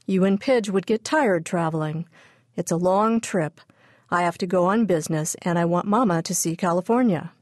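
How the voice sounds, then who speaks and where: A woman reading the part of a calm, reassuring father in a storybook. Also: on the low side, normal speed, dry recording, studio quality, lightly acted.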